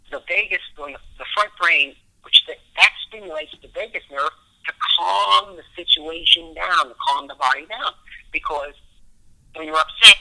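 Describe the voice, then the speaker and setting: A man with a fairly high, pushed and bright voice, rough in recording quality, appears as a guest on a podcast. As a relationship expert, he walks through brain science by way of everyday personal anecdotes.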